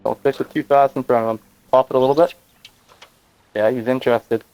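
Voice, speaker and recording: A fishing guide, a man with a medium-pitched voice, gives short, encouraging tips. He is recorded outdoors on a boat with faint music behind him. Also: steady tone, brisk, a little mellow, clean tone, low-quality recording. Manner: encouraging, brief instructions. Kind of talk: coaching an angler.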